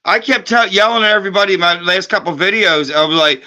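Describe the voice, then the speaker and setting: Bright-voiced man ranting with curses. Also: high voice, fast talker. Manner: profane, heated ranting. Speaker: guest. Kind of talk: casual podcast chat.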